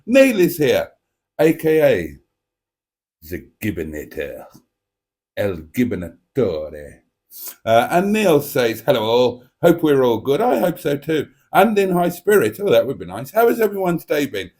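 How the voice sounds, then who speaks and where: A man's voice: fairly high pitch, very animated, normal speed, darkish tone. A man hosting a live stream, chatting casually and reading out viewer comments in a playful, cheeky, theatrical way.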